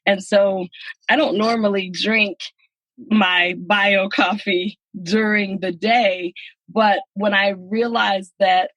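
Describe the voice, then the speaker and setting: A woman guest on a podcast speaks in a heartfelt, storytelling way. Her voice is slightly husky and sits at a middle pitch, recorded dry and close. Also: steady tone, slow pace, fairly bright tone, dry recording, low-quality recording. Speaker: guest, pharmacist and business owner. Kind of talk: casual podcast conversation.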